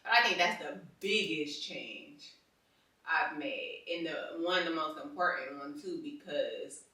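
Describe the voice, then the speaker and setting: A woman co-hosting a casual chat with her husband, talking animatedly in slang and getting louder as she gets into a topic. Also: deep voice, measured pace, heavy reverb, distant mic, low-quality recording. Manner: animated, slangy, gets loud when passionate. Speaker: podcast co-host.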